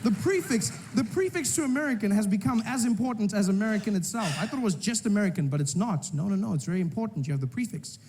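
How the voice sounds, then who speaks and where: A man's voice: sits high, lively intonation, quick pace, hardly any pauses, darkish tone, a little hiss or hum. South African man telling stand-up. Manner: conversational, storytelling. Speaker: stand-up comedian. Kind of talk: stand-up comedy.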